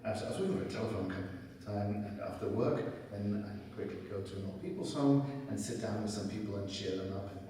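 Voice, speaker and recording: A man's voice: on the low side, fast, few pauses. Storytelling man in an echoey hall. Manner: conversational storytelling, quotes himself in lively asides. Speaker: speaker at a spiritual center. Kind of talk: personal testimony talk. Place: large hall at a spiritual center. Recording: echoey hall, mic from far off.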